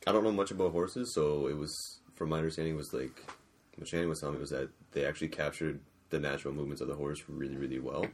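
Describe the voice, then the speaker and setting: A man's voice: rumbling low, fairly even intonation, quick pace, slight background noise. A man speaking as a guest in a casual chat, a little hesitant with fillers.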